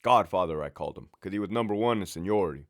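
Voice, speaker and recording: A man, a former prison lieutenant, telling a work story in a casual, profane, animated way. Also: deep voice, racing.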